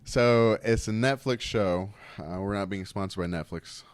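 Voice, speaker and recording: Deep-voiced man, rambling podcast chat. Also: normal speed, clear, resonant tone. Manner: animated, rambling storyteller. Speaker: podcast co-host.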